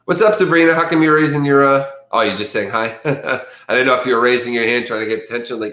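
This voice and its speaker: A man's voice: mid-range voice, fast talker, few pauses, a bit bright. A man hosting a casual livestream, chatting loosely and reading news stories aloud. His voice sits in an ordinary middle range, and he rambles and trips over difficult words. The sound bounces around an echoey room. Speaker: livestream host.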